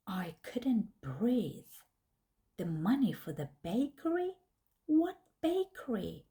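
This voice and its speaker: Female narrator, learner storybook: very slow, dark and mellow, gravelly texture. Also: on the high side, very animated. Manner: slow, clear, deliberate reading.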